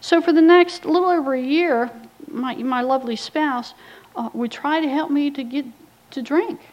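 A woman's voice: sits high, moderate pace, dull audio. A middle-aged woman giving a personal recovery testimony, telling her story bluntly and wryly, with quoted asides. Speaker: recovery speaker.

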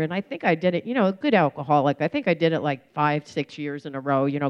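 Low-voiced woman telling her story. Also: fast, hardly any pauses, clear, resonant tone. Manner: rambling, warm-humored, many fillers and restarts. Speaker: recovering alcoholic sharing her story. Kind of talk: personal testimony, casual storytelling. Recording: slightly dull lo-fi recording.

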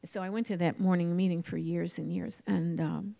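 A woman in her forties telling her recovery story in a candid, reflective way, with many pauses and fillers. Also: fairly low pitch, steady tone, creaky, mellow. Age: 40s. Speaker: recovery meeting speaker. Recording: dull lo-fi recording.

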